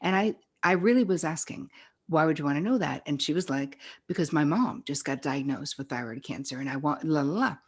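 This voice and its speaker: A woman's voice: low voice, a little fast, few pauses, breathy edge. A middle-aged woman psychotherapist, a podcast guest, talking bluntly and with swearing, acting out the people she quotes. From New York area. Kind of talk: casual podcast conversation.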